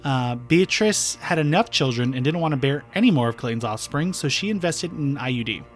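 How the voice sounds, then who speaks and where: A man's voice: mid-range voice, expressive, fairly quick, soft background music. A man co-hosting a podcast, casually retelling a true-crime case with fillers and restarts. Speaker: podcast co-host.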